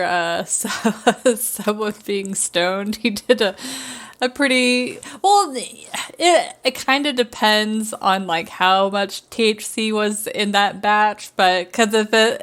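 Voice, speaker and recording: A woman's voice: medium pitch, a bit bright. A young woman co-hosting a casual podcast chat about a horror movie, rambling, trailing off and laughing often. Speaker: podcast co-host.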